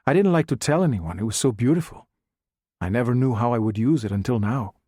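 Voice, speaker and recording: A man reading the part of a suave, calm middle-aged Chinese spymaster who speaks with a Spanish accent, soft and unhurried. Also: mid-range voice, no echo, clean studio sound, close to an everyday voice.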